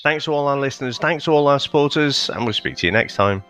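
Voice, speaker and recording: A man's voice: medium pitch, expressive, fast talker, a bit bright, soft background music. A man co-hosting a podcast, chatting casually, swearing and laughing. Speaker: podcast co-host. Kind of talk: casual chat.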